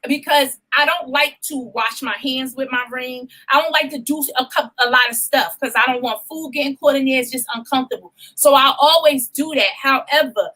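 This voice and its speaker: A young woman co-hosting a casual chat show, telling a story in an animated, profane way and acting out the voices of people she quotes. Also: high voice, rough recording. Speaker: podcast co-host.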